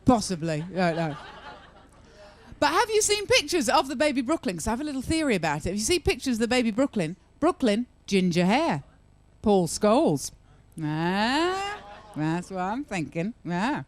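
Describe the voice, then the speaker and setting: A woman's voice: a little high, sing-song, normal speed, a little hiss or hum. A woman performing a stand-up comedy set at a live venue, chatty and sarcastic, teasing the crowd.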